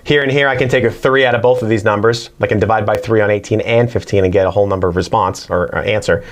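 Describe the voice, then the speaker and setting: A man's voice: on the low side, fairly even intonation, quick pace. A man teaching a casual whiteboard math lesson, chatting as he works through problems. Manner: chatty, talks to his barking dog between problems.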